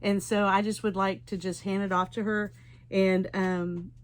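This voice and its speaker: A woman's voice: medium pitch, little pitch movement, unhurried. Woman host, casual interview, meandering restart-heavy delivery. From Oklahoma. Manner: rambling, many restarts and fillers.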